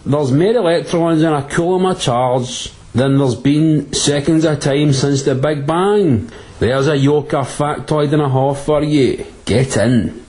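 Speaking at a measured pace with a fairly high pitch and darkish tone, a Glaswegian man delivers a slangy, comic physics lesson. This tutor from Glasgow, Scotland, keeps it crude and full of jokes.

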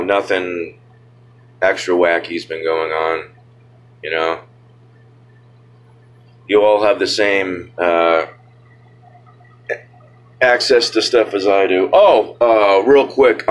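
A man's voice: low-pitched, rough recording. A man ranting casually to his viewers in a rambling, sarcastic way, full of filler words. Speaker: vlogger. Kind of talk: casual rant to camera.

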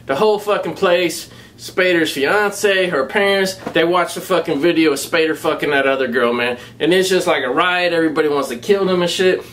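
A man's voice: a little high, fairly bright tone, a little hiss or hum. A man with a Southern US accent reviewing a movie in a casual, rambling, profanity-heavy way. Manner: profane, rambling, laid-back storytelling. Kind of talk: casual spoken film review.

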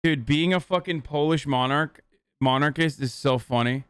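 A man in his thirties reacting live on stream, his voice smooth and fairly high for a man. He mocks and swears casually in a loose, joking way. The sound is dry and close, with no room around it. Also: normal speed, fairly bright tone, no room sound. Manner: mocking, profane, loose and joking.

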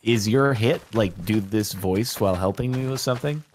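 A man's voice: fairly low pitch, normal speed, darkish tone, a little hiss or hum. A man streaming a game in casual chat, laid-back and dry, laughing easily.

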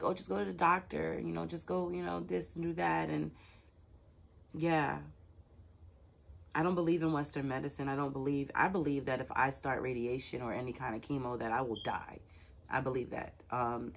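This tarot reader, an adult with children, runs her own channel and talks directly to the camera, frank and personal, with lots of filler sounds. Her voice is extremely low in pitch yet fairly bright, over slight background noise.

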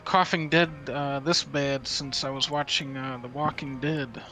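A man declaring his turn as a player in a tabletop game, halting often and restarting his sentences. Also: medium pitch, fairly even intonation, sharp tone. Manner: hesitant, lots of uh and restarts. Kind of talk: tabletop game play over a call.

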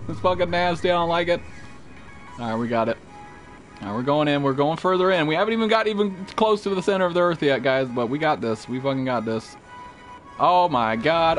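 A young man streaming a survival game live, excitable and profane, yelping and shouting at enemies as he plays. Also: a little high, fairly quick. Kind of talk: live gaming commentary. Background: game music.

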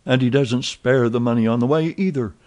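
A man's voice: medium pitch, brisk, a little mellow, pitched above the performer's own voice, close to an everyday voice. A man voicing an eager chatterbox French valet. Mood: excited chatter. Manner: eager, voluble, exclamatory. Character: excitable chatty French manservant, young man.

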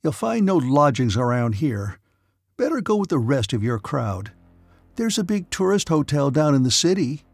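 A man voicing a stocky, red-faced young man who is hostile and suspicious, speaking in sharp, violent protests. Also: fairly high pitch, big pitch swings, normal speed, vocal fry, breathy edge, no room sound, soft background music, full character voice.

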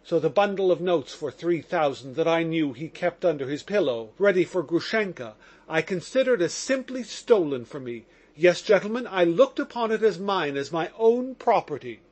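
A man's voice: on the high side, lively intonation, moderate pace, darkish tone. A man voicing an impassioned young man accused of murder, in audiobook narration. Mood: agitated. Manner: impassioned, exclamatory.

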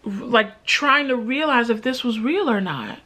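A woman's voice: a little high, animated, a little slow, pushed and bright. A young woman vlogger telling a candid, emotional story in a casual storytime monologue, repeating phrases for emphasis.

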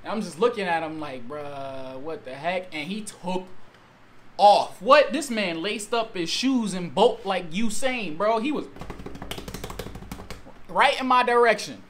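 A man telling a story-time tale in a vlog, excitable and slangy, with exaggerated storytelling and sudden outbursts. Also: sits high, a little slow. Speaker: YouTube storyteller.

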